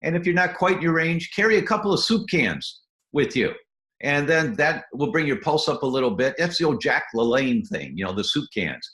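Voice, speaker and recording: A guest doctor with a slightly high, very lively voice walks through health habits step by step at a moderate pace, now and then acting out little scenes in quoted voices. His tone is fairly bright and the room is reverberant, fitting an animated health advice interview.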